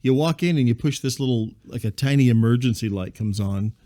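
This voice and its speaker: A man hosting a comedy podcast, telling a rambling story in a deadpan, conversational way. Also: medium pitch, a little fast, dry recording, studio quality. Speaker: podcast host and narrator. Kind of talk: comedic monologue.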